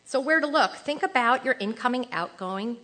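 A middle-aged woman giving an informal sermon to women, chatty and animated, acting out little quoted lines. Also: fairly high pitch, normal speed. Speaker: women's ministry speaker.

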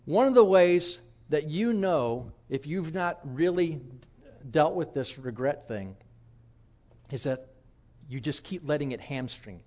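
A man's voice: a little high, lively intonation, slow, darkish tone. A middle-aged man preaching a sermon as pastor, telling stories in a candid, self-deprecating, conversational way.

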